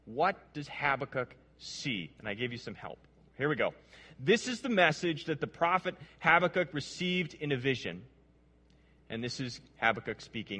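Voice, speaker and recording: A man's voice: medium pitch, very animated, normal speed, pushed and bright, long reverb tail. A man preaching a sermon, reading scripture aloud and putting questions to his listeners, often repeating words as he goes. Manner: earnest, repeats words, asks the audience questions.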